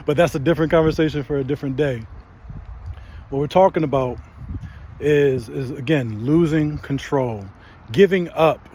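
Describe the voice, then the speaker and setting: A man's voice: mid-range voice, a little mellow, a little hiss or hum. A man in his thirties hosting a faith channel, giving a casual motivational talk and often tagging his lines with "right?". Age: 30s.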